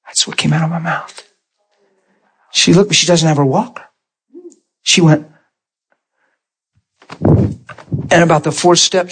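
A man preaching a sermon, telling stories in an animated way and jumping up in pitch when he acts them out. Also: husky. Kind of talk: storytelling sermon.

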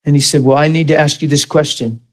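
A man preaching a sermon, asking the congregation rapid questions and dropping to soft, low storytelling. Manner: animated, rising to high emphatic questions to the crowd.

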